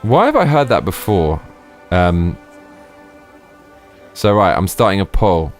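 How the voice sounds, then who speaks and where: A man's voice: low voice, sing-song, slow pace, faint music behind. A man streaming a game live, chatting casually, swearing freely and laughing often. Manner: profane, exclamatory, laughs often.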